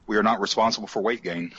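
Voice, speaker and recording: A man's voice: on the low side, a bit bright, slight background noise, poor audio. A man co-hosting a podcast in casual chat, joking and telling stories. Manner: joking, chatty, storytelling. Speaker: podcast co-host.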